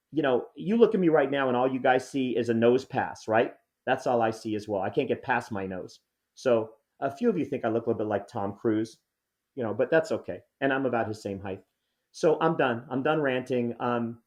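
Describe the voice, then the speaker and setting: A man's voice: mid-range voice, lively intonation, brisk, darkish tone. A man in his sixties, a podcast co-host, delivering a rambling, mock-angry comedic rant. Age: 60s.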